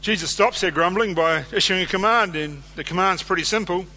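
A man's voice: sits high, fairly quick, pushed and bright. A man preaching a sermon, reading scripture aloud and speaking conversationally, often putting questions to his listeners.

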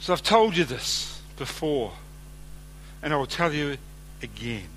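Bright-voiced preacher questioning his listeners. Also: fairly high pitch, animated, unhurried, slight background noise. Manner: conversational, asks the listeners questions. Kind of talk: sermon with scripture reading.

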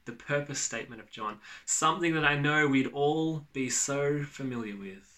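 A man's voice: a little high, normal speed, pushed and bright. A man preaching a sermon to his church, earnest and emphatic, often repeating key phrases. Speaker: pastor.

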